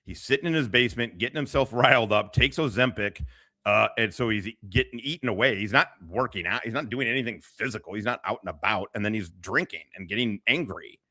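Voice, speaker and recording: A man's voice: lowish voice, brisk, pushed and bright. A man hosting a casual livestream, talking in a rambling, profane way with many restarts. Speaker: livestream host.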